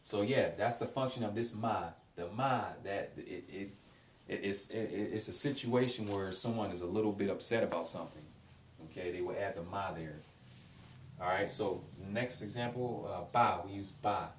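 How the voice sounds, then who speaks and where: A man teaching a casual language lesson, halting and repeating words, with many fillers as he explains. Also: fairly low pitch, a little hiss or hum. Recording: echoey room, mic at a distance.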